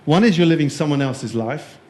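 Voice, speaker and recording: A man delivers a jokey, playful conference keynote, quizzing the live audience in an echoey room. His voice is fairly high, warm, animated, and fairly quick.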